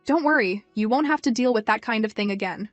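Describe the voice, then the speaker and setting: A woman's voice: fairly high pitch, fairly quick, dry recording, muffled recording, natural voice. A woman voicing an earnest, shy young male henchman who talks plainly and a little flustered, over faint music. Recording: dry, music faint behind.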